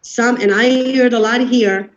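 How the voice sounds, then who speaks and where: A woman's voice: on the high side, steady tone, normal speed. A woman giving an earnest explanatory talk, walking through everyday examples without judging anyone. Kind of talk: explanatory talk on defense mechanisms. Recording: dull lo-fi recording.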